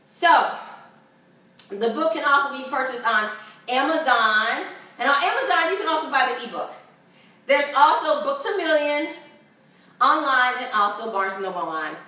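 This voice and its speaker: A woman's voice: sits high, sharp tone. A woman fitness instructor leading a home workout video, upbeat and encouraging, a bit out of breath. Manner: upbeat, encouraging, laughs often. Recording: echoey room, far from the mic.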